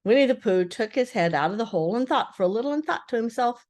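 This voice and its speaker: A woman's voice: fairly high pitch, lively intonation, fast, a little mellow. Grandmother reading a storybook aloud. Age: older.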